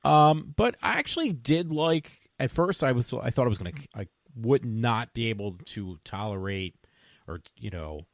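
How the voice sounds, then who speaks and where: A man's voice: mid-range voice, expressive, normal speed, creaky, dry recording, studio quality. A man chatting as a podcast guest, hesitant, with many "um"s and trailing remarks. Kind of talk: casual chat.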